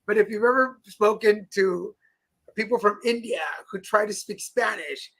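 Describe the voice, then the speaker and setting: A man's voice: high voice, steady tone, normal speed, vocal fry, a bit bright, low-quality recording. A man co-hosting a talk show, telling stories in a playful, chatty way with frequent laughs. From Mexico. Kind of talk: casual chat. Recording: live stream with faint background noise.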